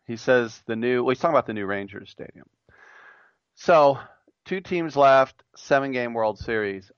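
A man's voice: medium pitch, vocal fry, no room sound, lo-fi sound. A man hosting a sports talk radio show, reading a listener's idea aloud and then giving his blunt, joking opinions on it. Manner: jokey, mimics imagined voices.

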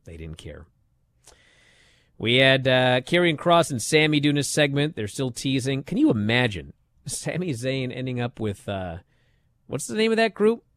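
A man's voice: very animated, normal speed, a bit bright, dry recording. Dry-voiced male radio host. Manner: rambling, trails off into low mumbles. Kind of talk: casual radio talk recap.

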